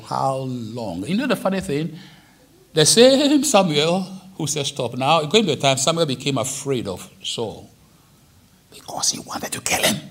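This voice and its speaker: A man preaching a sermon as a pastor, lively and digressive, with dramatic quoted lines. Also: medium pitch, breathy edge. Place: church hall.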